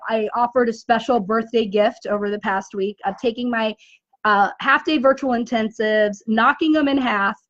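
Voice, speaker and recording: A woman business coach speaks in a high voice, talking straight to her live-stream audience from a dim room. She works through rhetorical questions and keeps checking in with "right?". The audio is dull and lo-fi. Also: dry recording. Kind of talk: motivational live-stream talk.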